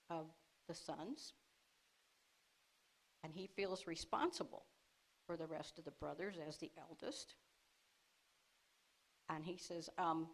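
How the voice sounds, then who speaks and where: A woman preaching to a congregation, retelling a scripture story in a lively way, acting out the characters' lines and laughing along. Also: mid-range voice, poor audio. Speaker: speaker at a congregation service. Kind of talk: teaching sermon.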